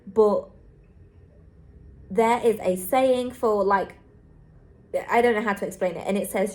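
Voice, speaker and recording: A woman's voice: on the high side, takes it slowly, long pauses, darkish tone. A young woman travel vlogger talking candidly and earnestly to camera, repeating herself for emphasis. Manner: earnest, repetitive, heartfelt. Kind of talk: candid vlog monologue to camera.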